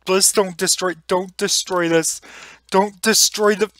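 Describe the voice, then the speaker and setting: A young gamer giving casual, excitable gameplay commentary, exclaiming and laughing often. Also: medium pitch, a little slow.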